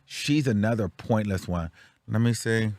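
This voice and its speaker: Hosting his show, a young man from California's Bay Area chats casually about reality TV, ranting repetitively in a blunt, sassy way. He has a fairly low, darkish voice and a measured pace, with no room sound in the audio.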